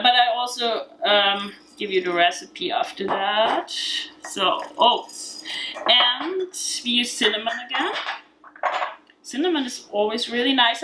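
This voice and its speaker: A woman with an Austrian accent walks through a recipe at an unhurried, easy pace. Her voice is bright and forward, and she keeps a chatty, laughing manner with plenty of fillers. It sounds like a casual cooking demonstration at home. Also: fairly high pitch, slight background noise, rough recording.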